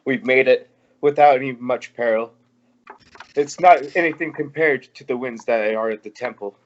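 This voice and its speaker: A man's voice: medium pitch, normal speed, close to an everyday voice. A man voicing a solemn male traveler in robes who speaks in formal, stately phrases, heard through a dull lo-fi recording. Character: solemn male traveler in robes, earnest about his quest.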